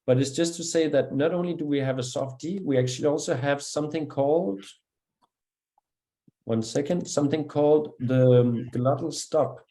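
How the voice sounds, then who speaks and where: A man with a Danish accent, a native Danish speaker, teaching pronunciation one-on-one, patient and encouraging as he slowly demonstrates each sound. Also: on the high side, dark tone. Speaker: language teacher.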